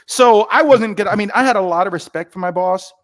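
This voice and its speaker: Fast-talking New man telling stories. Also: high voice, no room sound. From New York. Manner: animated, acts out bosses in quoted voices. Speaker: podcast guest, retired Marine officer. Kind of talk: casual storytelling.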